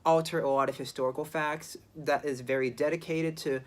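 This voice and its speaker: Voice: medium pitch, fairly even intonation, brisk. Hesitant, rambling film reviewer. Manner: hesitant, with many restarts and "you know" fillers. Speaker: movie reviewer. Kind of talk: casual spoken movie review.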